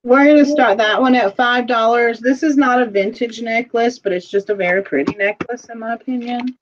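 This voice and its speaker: A woman hosting a casual online jewelry sale, chatty and quick to laugh, describing items with lots of fillers. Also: on the high side, fairly even intonation, background noise. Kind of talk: casual livestream chat. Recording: dull lo-fi livestream audio.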